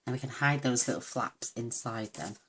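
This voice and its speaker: A woman's voice: extremely low pitch, moderate pace, fairly bright tone, slight background noise. A woman giving a chatty, homely papercraft tutorial at her craft table, full of self-deprecating asides. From United Kingdom. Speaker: papercraft demonstrator.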